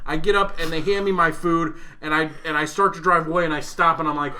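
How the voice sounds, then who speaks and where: A man's voice: a little high, steady tone, quick pace, hardly any pauses, bright, forceful tone. A man co-hosting a podcast, telling a profane, ranting story in casual chat. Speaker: podcast co-host.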